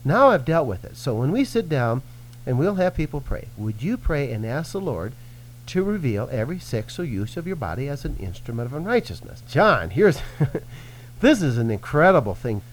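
Male minister, lively swooping delivery, earnest teaching tone. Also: mid-range voice, moderate pace, slight background noise, low-quality recording. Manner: earnest, animated preaching with acted-out quotes. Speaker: Christian minister. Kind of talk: teaching in a radio-style conversation.

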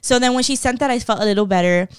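A young woman tells a story in casual vlog style. She swears freely and acts out the voices she quotes with animated energy. Her voice is smooth and clean, recorded dry and close to the mic. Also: on the high side, very fast, dry recording.

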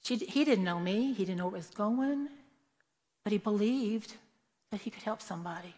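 A woman's voice: mid-range voice, expressive, normal speed, mellow. A woman speaks to a church congregation in an earnest storytelling manner, now and then acting out the people she describes. Her mid-range voice rings with a long, hall-like reverb from the sanctuary. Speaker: church member giving a testimony. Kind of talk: prepared church talk with personal stories.

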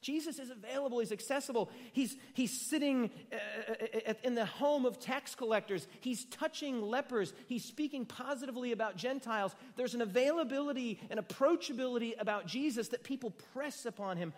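A high-pitched male pastor delivers a sermon to a gathered room, his voice ringing with a long hall reverb. He preaches dramatically, pushing hard on key phrases and then dropping to a hushed near-whisper. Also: a little fast, hardly any pauses.

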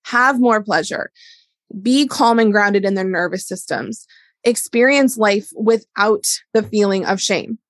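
A middle-aged woman who is a wellness educator and business owner talks in a solo monologue, candid, chatty, and casual, using "like" a lot. Her voice is medium-pitched and unhurried, with no echo.

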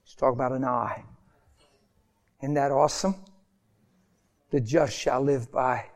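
A man preaching a sermon with passion, swinging between high emphatic peaks and soft, quiet pleading, and acting out quoted voices along the way. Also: fairly even intonation, measured pace. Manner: impassioned, rising to high emphatic peaks then dropping soft; acts out quoted voices in conversational asides. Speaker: pastor.

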